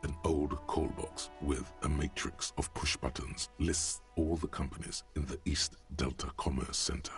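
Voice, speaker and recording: A man voicing a wry, omniscient video game narrator, slow and measured with literary phrasing. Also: a bass voice, steady tone, soft background music.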